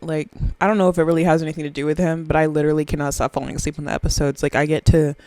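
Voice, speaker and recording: A woman's voice: sits low, level tone, rapid-fire, warm tone, dry recording, rough recording. A woman, rambling through a profane, self-mocking solo podcast chat very close to the microphone. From Southern US. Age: 20s. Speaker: podcast host.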